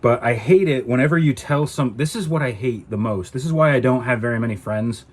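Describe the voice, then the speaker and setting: A man's voice: mid-range voice, brisk, husky. A man ranting to camera in a casual vlog, indignant and exasperated. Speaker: vlogger.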